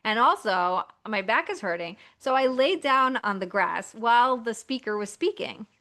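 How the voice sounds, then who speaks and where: Woman guest on a chat podcast, lively, slightly high and very bright voice. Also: moderate pace. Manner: lively, acts out inner voices. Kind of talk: casual podcast conversation.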